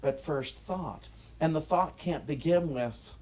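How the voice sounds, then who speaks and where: An American man delivering a sermon as minister, emphatic, with swings in pitch and loudness and frequent restarts. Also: slow. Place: church sanctuary.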